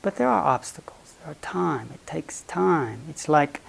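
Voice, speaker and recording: A man giving a Buddhist dharma talk, telling a story in a playful, animated way and sometimes dropping almost to a whisper. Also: fairly high pitch, unhurried, creaky, low-quality recording. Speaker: Buddhist meditation teacher.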